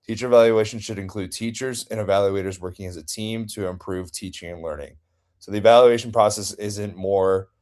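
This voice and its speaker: A man student reading a class presentation haltingly, with restarts. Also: fairly low pitch, darkish tone.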